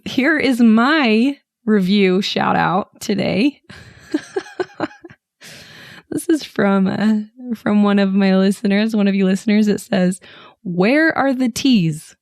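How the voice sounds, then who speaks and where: Hoarse Utah woman podcast host. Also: mid-range voice, slow, a little mellow, no echo, studio quality. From Utah, USA. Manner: chatty, giggly, self-deprecating. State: hoarse, slightly raspy voice. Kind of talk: casual podcast chat.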